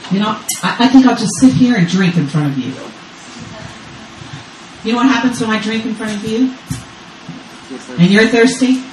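A Texas grandmother in her fifties, guest-preaching at a church service, delivers her sermon with urgent, repetitive call-and-response. Her voice sits on the high side and is a little mellow, moving at normal speed with long pauses. She's picked up far from the mic in a roomy church space, with slight background noise.

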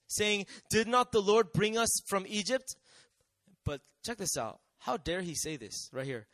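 A man's voice: high-pitched, animated, normal speed, fairly bright tone, dry recording. A man preaching a sermon in a conversational way, often asking the audience questions and acting out quotes.

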